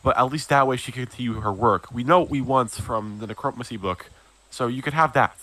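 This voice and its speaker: A man's voice: medium pitch, a little fast, pushed and bright, dry recording. A young man narrating as game master of a tabletop game, casual and chatty. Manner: laughing, casual narration with many fillers.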